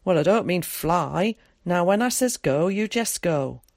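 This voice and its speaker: A woman voicing a gruff, blunt older countryman in an audiobook, speaking in a clipped rustic dialect. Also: lowish voice, lively intonation, unhurried, no echo, clean studio sound. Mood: brisk. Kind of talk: audiobook character voice.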